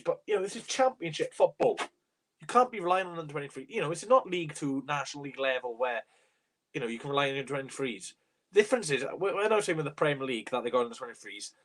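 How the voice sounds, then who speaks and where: A man's voice: medium pitch, fairly bright tone. A young man hosting a live fan reaction stream, ranting bluntly and swearing in exasperation. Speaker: fan channel host.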